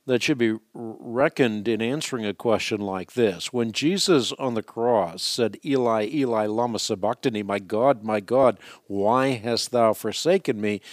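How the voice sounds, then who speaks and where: A man hosting a radio call-in show, answering a caller in a measured, articulate, lecturing way. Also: medium pitch, no echo, clean studio sound.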